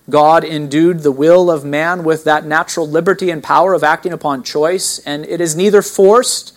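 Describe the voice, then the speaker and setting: A man delivers a sermon as pastor, his voice sitting a little high for a man. He preaches emphatically, throws rhetorical questions at the listeners and drags out key words to drive them home.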